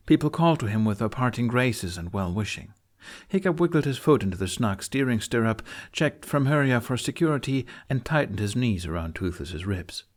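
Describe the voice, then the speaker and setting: A man narrating a fan audiobook chapter in a measured storytelling manner. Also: mid-range voice, expressive.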